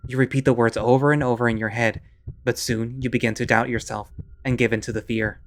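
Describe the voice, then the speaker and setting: A man narrating a visual novel in the second person, steady and measured. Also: medium pitch.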